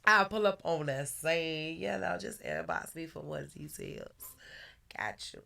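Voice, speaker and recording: A woman hosting a casual live podcast, giving loud, playful shout-outs to listeners and sponsors. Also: low voice, a little slow, gravelly. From Virginia. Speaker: podcast host.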